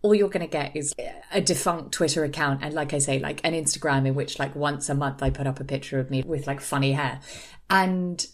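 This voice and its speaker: A young British woman on a chatty podcast, her voice sitting a touch low for a woman. She tells long, animated stories in a casual, rambling way, full of asides. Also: a little fast, slight background noise. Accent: British English. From Britain. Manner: chatty storyteller, lively and animated. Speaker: podcast co-host. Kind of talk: casual chat.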